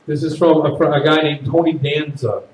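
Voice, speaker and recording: A man performing stand-up comedy at a party, with loud, animated shouted bits. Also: on the high side, normal speed, reverberant, distant mic, rough recording.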